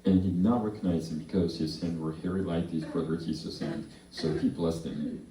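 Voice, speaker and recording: A man leading a slow, deliberate responsive reading of scripture in a church service. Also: sits low, fairly even intonation, warm tone. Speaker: pastor. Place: church hall. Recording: echoey church hall from far off.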